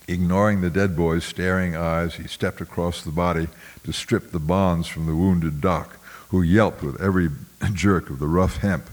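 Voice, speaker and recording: A man with a very low voice reads literary fiction aloud at a measured, somber pace. He occasionally clears his throat and restarts a word. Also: fairly even intonation. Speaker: audiobook narrator. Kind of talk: literary narration read aloud.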